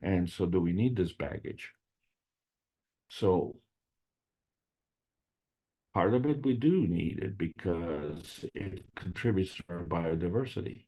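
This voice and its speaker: A man presenting at an online meeting, speaking slowly in a rambling way with frequent fillers and restarts. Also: low voice, expressive, dark tone, husky. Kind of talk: unscripted spiritual science talk.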